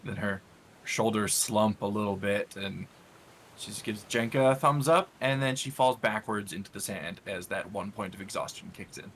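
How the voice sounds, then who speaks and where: A man's voice: fairly low pitch, normal speed, fairly bright tone, slight background noise. A man describing his character's actions in a tabletop game, hesitant and full of fillers. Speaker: player.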